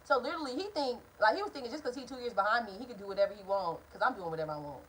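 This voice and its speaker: Animated high-voiced woman telling a story. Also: very fast, a little hiss or hum, rough recording. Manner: animated, profane, conversational. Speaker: vlogger. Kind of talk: storytime vlog. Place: at home indoors.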